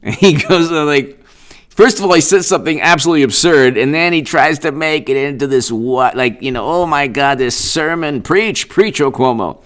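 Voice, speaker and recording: This political live-stream host speaks with sarcasm and animation, returning to the same points again and again. His voice is a little high, and his pace is moderate.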